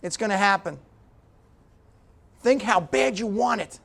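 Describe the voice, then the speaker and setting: Guy with a pretty high voice doing a motivational talk, blunt, keeps saying okay to the room. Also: unhurried, creaky, fairly bright tone. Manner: punchy, direct, talks to the audience with repeated "okay?". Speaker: guest speaker at a business breakfast. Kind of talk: motivational speech.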